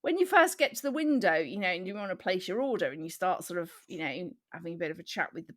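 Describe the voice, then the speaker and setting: A woman's voice: on the low side, lively intonation, fast talker, fairly bright tone. A woman from Britain co-hosting a comedy podcast, giggly and emphatic, repeating words for effect in casual chat. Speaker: podcast co-host.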